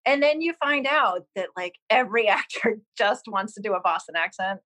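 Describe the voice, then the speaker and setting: A woman's voice: mid-range voice, fairly quick, pushed and bright, poor audio. A woman from Massachusetts, a TV series creator, talking loosely in an interview with lots of "like" and "um". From Cambridge, Massachusetts. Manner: rambling, many "like" and "um" fillers. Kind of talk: casual interview chat.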